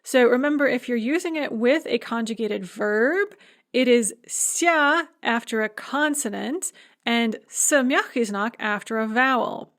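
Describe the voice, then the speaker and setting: Woman lecturing methodically, fairly high voice. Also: fairly bright tone. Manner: clear, methodical explaining with slow spelled-out examples. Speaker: language lecturer. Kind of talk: recorded grammar lecture.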